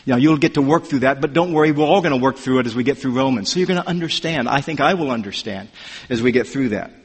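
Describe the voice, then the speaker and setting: A man preaching an expository sermon, emphatic and animated, his voice rising sharply on questions. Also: mid-range voice, fast, husky. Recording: reverberant hall.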